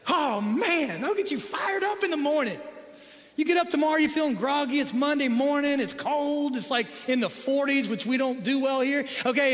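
A middle-aged man preaching a sermon as pastor, swinging between hushed, low passages and excited, rising peaks. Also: a little fast, big-room sound. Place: church sanctuary.

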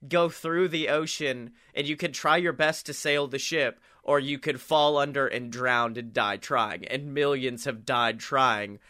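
Animated laughing podcast man. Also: medium pitch, measured pace, hardly any pauses, dry recording, clean studio sound. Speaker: podcast co-host. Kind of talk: comedic storytelling chat.

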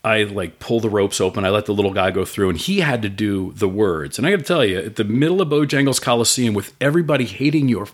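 A middle-aged man in casual conversation, telling an animated story with swearing and acted-out voices. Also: on the low side, fast, few pauses. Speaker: guest, food business owner.

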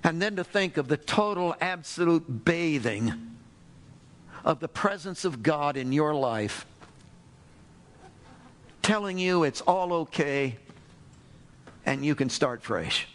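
A man preaching a sermon to a congregation, telling a parable with animated storytelling and acting out the characters. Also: fairly high pitch, slow, long pauses. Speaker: pastor.

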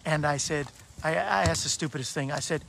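A man's voice: fairly high pitch, vocal fry. Upbeat, chatty man hosting a show. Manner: enthusiastic, chatty, quick amens. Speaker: talk show host. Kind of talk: live Christian talk show. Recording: noisy live broadcast.

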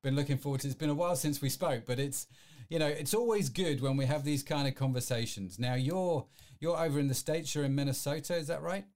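A man's voice: a little high, fast, darkish tone. A man hosting a live-streamed podcast, chatty and rambling, full of fillers and restarts. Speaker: podcast host.

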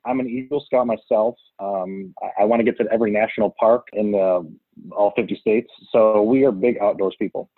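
A man's voice: on the low side, fairly even intonation, a little fast, husky, no echo. Man on a tinny phone line. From Cleveland, Ohio. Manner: chatty, filler-heavy, restarts often. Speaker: guest, business co-founder. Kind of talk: casual interview storytelling. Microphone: call line.

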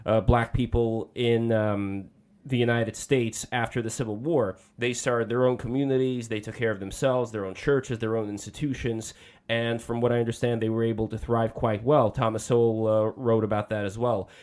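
A man's voice: medium pitch, steady tone, moderate pace, darkish tone. A man hosting a livestream panel. He talks in a rambling, friendly way with many fillers. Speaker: host.

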